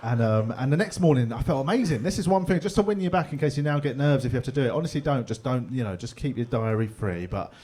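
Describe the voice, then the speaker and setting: A man's voice: medium pitch, lively intonation, quick pace, hardly any pauses, a little mellow, husky. A comedian on a handheld mic in a pub back room, telling a stand-up story in a loose, chatty way. He drops in laughing asides and keeps the crowd in on it. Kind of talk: stand-up set.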